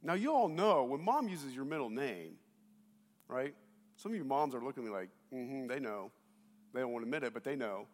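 A man preaching a sermon to his congregation on a lapel mic, telling stories in an animated way and speaking straight to the people in front of him. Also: mid-range voice, brisk. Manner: animated storytelling, addresses the congregation directly. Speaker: pastor. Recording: long reverb of a big hall.

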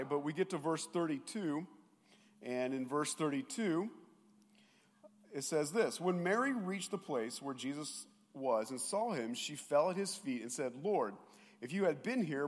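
A male pastor preaching a sermon, retelling scripture in an animated way and mimicking sarcastic and doubting voices. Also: fairly high pitch. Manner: animated storytelling, mocking voices of doubters, sometimes shouting. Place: church sanctuary. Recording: long hall reverb.

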